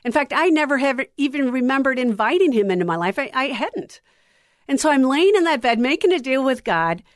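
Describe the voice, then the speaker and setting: A middle-aged woman with a fairly high voice hosts a Christian radio show. She talks earnestly and intimately, letting her voice sink to a hush on the softest lines. The sound is close and dry, like a studio mic with no room around it. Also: sing-song, brisk, dry recording. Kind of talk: heartfelt on-air testimony.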